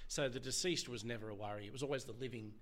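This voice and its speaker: As an interview guest, a middle-aged former police officer with an Australian accent candidly tells his personal story, halting and emotional and often restarting his sentences. His voice drops low when he quotes others, and the recording carries a little hiss or hum.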